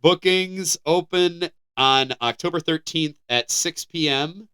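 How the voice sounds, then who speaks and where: An American man co-hosts a casual podcast, reading headlines aloud and breaking off with laughter and restarts. His voice sits a little high and rings bright and clear. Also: slow. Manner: animated, laughing, stumbling restarts while reading. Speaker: podcast co-host.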